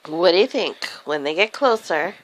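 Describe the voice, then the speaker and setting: A woman's voice: lowish voice, lively intonation, moderate pace, rough recording. A woman telling an improvised silly story, giggly and rambling.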